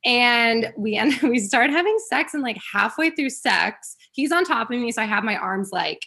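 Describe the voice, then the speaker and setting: A woman's voice: a little high, lively intonation, moderate pace, gravelly, sharp tone, slightly rough. A woman guest on a podcast, telling a dating story with giggles and quoting herself. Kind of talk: casual storytelling chat.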